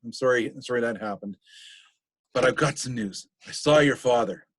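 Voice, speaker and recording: A man's voice: mid-range voice, normal speed, no echo, lightly acted. A man voicing a loyal, earnest young friend who retells events in a casual, matter-of-fact way.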